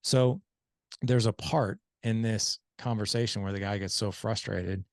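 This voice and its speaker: On a podcast about fatherhood, a man with a lowish voice speaks a little slowly, earnestly explaining his points and acting out the dialogue in his stories as an animated storyteller. It's a casual conversation recorded with studio quality and no room sound.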